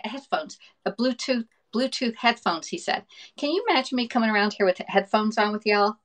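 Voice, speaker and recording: A middle-aged woman from the northern United States hosting a cooking livestream, chatting fast, laughing often and reading viewer comments aloud. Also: mid-range voice, fairly bright tone, low-quality recording. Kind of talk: casual livestream chat.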